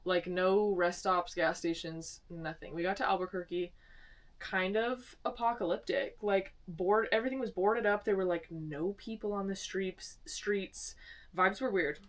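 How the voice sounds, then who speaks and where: A woman's voice: mid-range voice, unhurried, far from the mic. A young woman from Arizona, co-hosting a podcast, telling stories in casual chat and acting out the quotes. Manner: storytelling, acting out quotes in lively voices. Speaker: podcast co-host. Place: small home studio.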